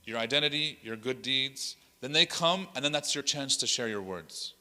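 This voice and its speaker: Man, imam, teaching a workshop, bright forceful voice, lively storytelling, Arabic phrases mixed in, long echo of a hall. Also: mid-range voice, moderate pace. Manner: animated, acts out quotes in other voices; sprinkles Arabic phrases into his talk. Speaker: imam leading a dawah workshop. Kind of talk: workshop teaching with told stories. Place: hall of an Islamic center.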